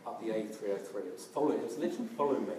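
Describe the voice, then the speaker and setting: A man's voice: lowish voice, animated, rapid-fire, warm tone, a little hiss or hum. A man preaching a sermon earnestly, often restarting and using fillers. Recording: roomy, from a distance.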